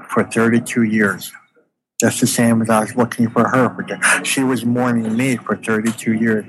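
Tearful man telling his story haltingly. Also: fairly low pitch, noisy background. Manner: halting, repeats words often. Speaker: interviewee. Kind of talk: emotional personal storytelling.

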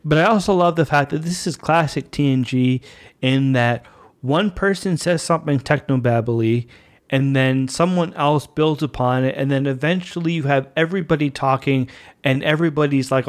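A man's voice: fairly high pitch, normal speed. Chatty, enthusiastic male podcast host. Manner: enthusiastic, chatty fan commentary. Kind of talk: casual monologue.

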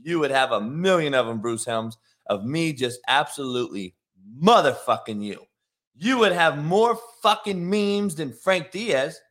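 Profane middle-aged male host, brash rant, animated bright delivery. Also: on the high side, unhurried. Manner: brash, profane, shouting and laughing at commenters. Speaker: host, former coach. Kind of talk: profane live-stream rant.

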